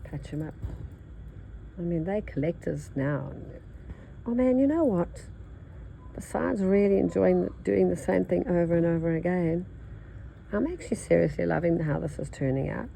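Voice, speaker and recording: A nasal older woman with an Australian accent chats as she works on her embroidery, thinking aloud and drifting between topics. Her voice sits low and warm, with a gravelly edge. A faint hiss runs under it. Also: moderate pace, low-quality recording. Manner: rambling, chatty, thinks aloud. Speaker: embroidery teacher. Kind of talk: casual chat while stitching.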